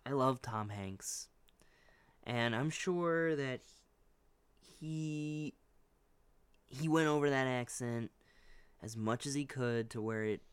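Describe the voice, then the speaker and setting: A man's voice: medium pitch, a bit bright, clean tone, no echo. A man co-hosting a podcast, chatting casually and rambling, hedging with many restarts. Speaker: podcast co-host. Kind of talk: casual chat.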